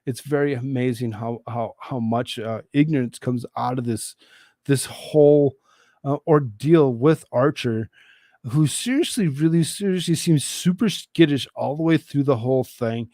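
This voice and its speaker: Male streamer, unhurried, mocking, dry close sound, chuckles between remarks. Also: medium pitch, dark tone, no room sound. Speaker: livestream host. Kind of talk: live commentary while reading a transcript aloud.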